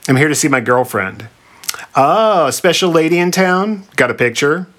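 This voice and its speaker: A man's voice: on the high side, animated, normal speed, fairly bright tone, voice pushed up. A man doing a bratty, huffy Sphinx. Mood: nosy chatty. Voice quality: whiny, exasperated, slangy. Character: bratty, short-tempered female Sphinx monster, fire-breathing. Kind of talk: comic story reading.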